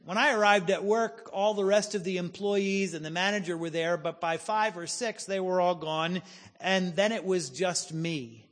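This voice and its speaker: A man in his forties, a pastor preaching a sermon, telling a personal story with humor and slowing down for emphasis. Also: high voice, a bit bright, in a large hall. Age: 40s.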